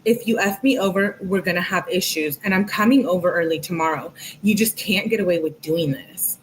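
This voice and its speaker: A woman hosting a true-crime channel, reading text messages aloud in an even way and adding casual, exasperated asides. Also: on the low side, brisk, a little hiss or hum, low-quality recording.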